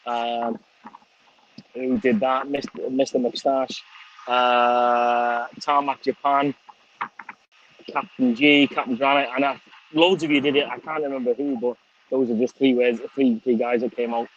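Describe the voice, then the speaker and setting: A man's voice: medium pitch, level tone, unhurried, a little hiss or hum. Chatty, swearing Scouse man outdoors. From England. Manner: swears freely, chatty, thanks viewers by name. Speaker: vlogger. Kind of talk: casual outdoor livestream chat. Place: outdoors on a windy sunny day. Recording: slightly dull lo-fi stream audio.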